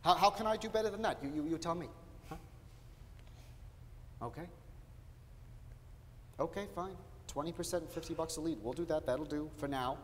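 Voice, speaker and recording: A man's voice: a little high, moderate pace, long pauses, lightly acted. A man acting live on stage as a desperate aging salesman who stammers, pleads and flares into anger. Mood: haggling. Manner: wheedling, stammering, bursts of anger. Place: theater stage. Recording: roomy hall, faint noise.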